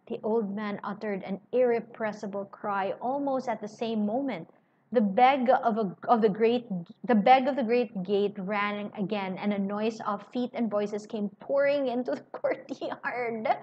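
A woman reading a novel aloud and pausing to paraphrase it in casual asides. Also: a little high. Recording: slightly muffled with faint hiss.

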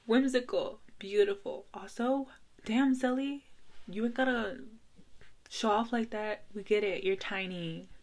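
Giggly young woman gushing in hushed tones. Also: medium pitch, measured pace. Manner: gushing and giggly, often dropping to a hushed whisper. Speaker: video creator reacting to a music video. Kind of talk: casual reaction commentary. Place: her bedroom at home, at night.

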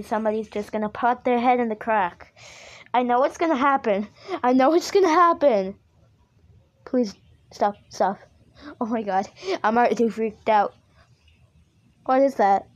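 Reaction host: woman, high voice, slow, frightened pleading, dull lo-fi audio. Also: fairly even intonation, a little mellow. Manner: frightened, pleading with the screen, repeating herself. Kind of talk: casual reaction commentary.

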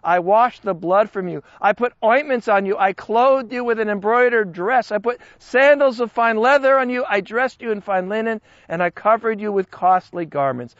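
A man teaching a Bible study as a sermon, slow and emphatic, with big swings in pitch and loudness. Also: no echo, muffled recording.

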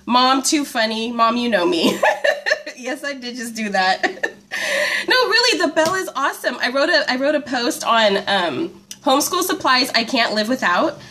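A woman's voice: fairly high pitch, sing-song, moderate pace, bright, forceful tone, slight background noise. A woman hosting a live homeschool stream from home, chatting casually, laughing often and reading out viewer comments on her phone. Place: at home, indoors.

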